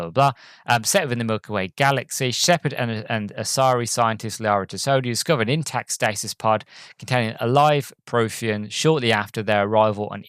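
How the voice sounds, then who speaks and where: A man's voice: mid-range voice, a bit bright, dry recording, clean studio sound. A man hosting a podcast, reviewing a game in a casual, rambling way full of ums and restarts, an enthusiastic fan. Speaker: podcast host.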